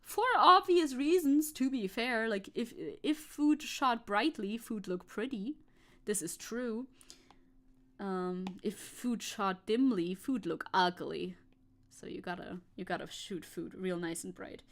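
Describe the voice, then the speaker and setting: A woman's voice: mid-range voice, slow pace. A woman chatting casually and playfully while she paints on a live stream. She rambles and jokes at her own expense. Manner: playful, rambling, self-joking.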